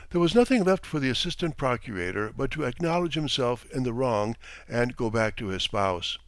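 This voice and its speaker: A man reading a classic short story aloud in an expressive, measured narration. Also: medium pitch, no echo. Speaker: audiobook reader. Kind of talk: audiobook narration.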